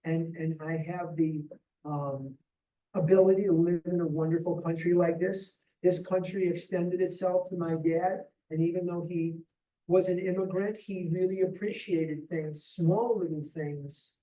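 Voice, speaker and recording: The mic sits far off in a roomy hall, and the audio is dull, as a roughly seventy-year-old Chicago-area man shares his story at a recovery retreat. Delivered as personal testimony, his talk is heartfelt and full of restarts, in a mellow, steady voice that is a little high and a little slow.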